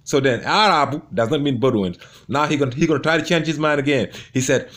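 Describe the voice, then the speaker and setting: A man with a fairly high, bright and expressive voice talks fast while commenting over debate clips. He gloats and mocks his opponent, repeating himself a great deal.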